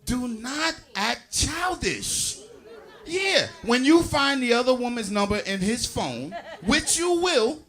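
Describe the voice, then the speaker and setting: A man doing a stand-up comedy set, loud and crude, teasing the audience on a club stage. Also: extremely high pitch, sing-song, slow pace.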